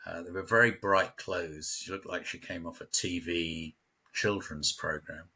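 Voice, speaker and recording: A man's voice: low voice, fairly even intonation, unhurried, pushed and bright, slightly rough. An English man from West London, chatting casually as a local guest and telling stories with frequent laughs. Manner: chatty storyteller, laughs often. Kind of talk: casual conversation.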